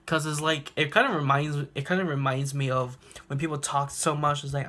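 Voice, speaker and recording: A man's voice: mid-range voice, flat delivery, fairly quick, hardly any pauses, bright, forceful tone. Young man laughing through a recap. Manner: laughs often, acts out quotes. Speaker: reaction video host. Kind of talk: casual episode recap. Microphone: handheld phone.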